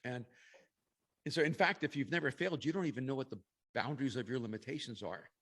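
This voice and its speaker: A man's voice: medium pitch, quick pace, fairly bright tone. Reflective man telling a story. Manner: reflective, laughs between phrases. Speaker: podcast guest. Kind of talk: storytelling interview answer.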